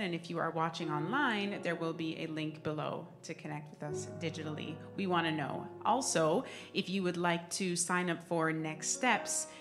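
A woman with a lowish voice gives friendly church announcements in a large auditorium, casual with small fillers. Music plays clearly behind her.

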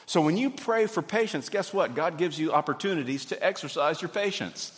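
A man, preaching a sermon in a folksy, animated way. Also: a little high, fairly quick, slight background noise. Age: 50s. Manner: folksy, animated, acts out little scenes. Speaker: pastor. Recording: hall reverb.

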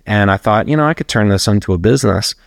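Speaking fast with lively intonation and a creaky edge, a middle-aged man with a fairly low voice spins long, rambling stories, laughing along the way. He's a personal trainer appearing as a guest in a casual interview, recorded in a clean studio with no room sound.

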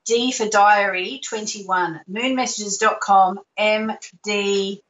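A woman's voice: mid-range voice, steady tone, slow, a bit bright, distant mic, dull audio. A woman hosting an astrology call-in show, talking in a chatty, reassuring way and sometimes correcting herself.

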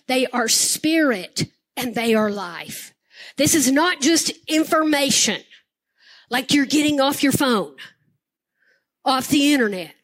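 Older lady preaching slow, high pitched, keeps repeating for emphasis. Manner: impassioned preaching with emphatic repetition. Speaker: pastor. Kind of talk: sermon.

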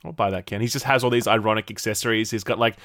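An Australian man co-hosting a podcast, easygoing, laughing often and trailing off quietly. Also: lowish voice, steady tone, very fast, dry recording, studio quality. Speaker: podcast co-host. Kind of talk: casual podcast chat.

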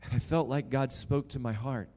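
A man preaching a sermon, telling a story dramatically and swinging between loud and hushed. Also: mid-range voice, steady tone, moderate pace.

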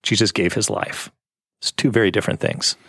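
A man's voice: fairly low pitch, steady tone, a little fast, gravelly, sharp tone, husky, dry recording, studio quality. A young adult man hosting a casual faith conversation, earnest and affirming. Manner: earnest, affirming, tells stories with acted quotes.

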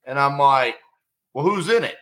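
A man's voice: medium pitch, animated, normal speed, a bit bright. A man hosting a podcast, chatting casually with his guest and retelling a story. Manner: conversational, lots of fillers and restarts. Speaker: podcast host. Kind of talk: casual interview chat.

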